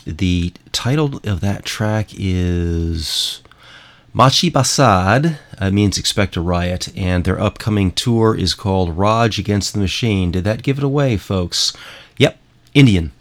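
A man's voice: sits low, measured pace. A man hosting a show, talking in a rambling, emphatic way and repeating himself as he introduces music clips. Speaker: host. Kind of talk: casual monologue playing music clips.

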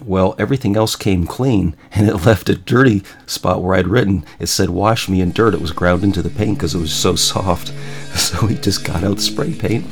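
A deep, creaky, husky voice belongs to a man hosting his own show. He relates wry family anecdotes in a casual monologue, chuckling now and then with self-deprecating wit.

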